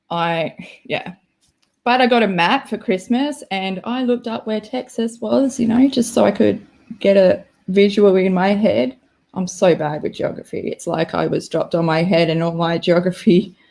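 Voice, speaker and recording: With a mid-range, slightly mellow voice, a young Australian woman chats casually on her livestream. She reacts to her chat and pokes fun at herself.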